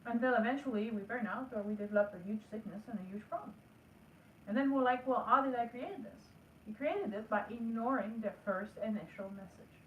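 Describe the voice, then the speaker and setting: A woman's voice: on the high side, brisk, dull audio, slight background noise. A woman teaching a spiritual lesson in an earnest, coaching way, acting out the inner talk she asks listeners to have with themselves. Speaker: energy work teacher. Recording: echoey room, voice heard from a distance.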